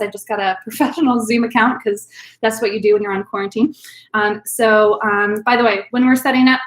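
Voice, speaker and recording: A woman's voice: a little high, fairly bright tone. A woman hosting a live-streamed virtual wine class, chatty and upbeat, with lots of "um" fillers. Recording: roomy echo.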